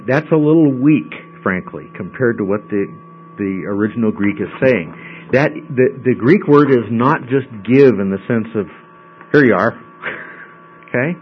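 A man teaches a Bible study in a chatty way, often pausing to ask his class "okay?" His voice is medium-pitched, animated and a little slow, with soft music in the background, on a dull lo-fi recording with mains hum.

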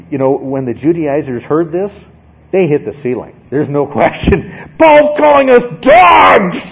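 An emphatic male Bible teacher lecturing with a lively, varied pitch and a husky edge. He keeps checking in with his listeners. The sound is tinny and phone-like. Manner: emphatic, asks "okay?" often.

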